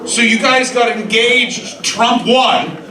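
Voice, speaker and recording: A man doing stand-up crowd work on a comedy club stage, talking with the audience and breaking into loud, excited impressions. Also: very high voice, takes it slowly. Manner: animated, shouting impressions of excited people. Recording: roomy club sound from far off, crowd laughter.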